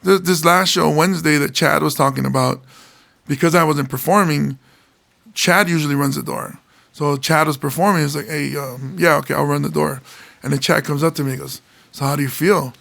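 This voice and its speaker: Man from Hawaii, comedian guest, gravelly tone, relaxed storyteller, higher-pitched voice. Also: brisk. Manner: laid-back storytelling, laughs often. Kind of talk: casual podcast chat.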